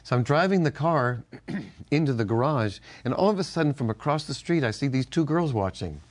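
An older man from the United States co-hosting a Christian talk show, sharing family stories and faith in an animated way with frequent laughter. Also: mid-range voice, moderate pace. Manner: animated storyteller, laughs often. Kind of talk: casual faith-based chat.

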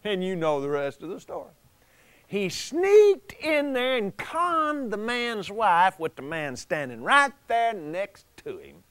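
High-voiced, folksy man preaching. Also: slow, smooth, no room sound. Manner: folksy, chuckling, animated storytelling. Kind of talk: folksy sermon.

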